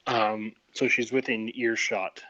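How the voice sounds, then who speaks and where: A man playing in a tabletop game, talking in a flat, matter-of-fact way. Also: fairly low pitch, takes it slowly, no echo. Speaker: player. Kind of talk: casual tabletop play. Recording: dull lo-fi recording.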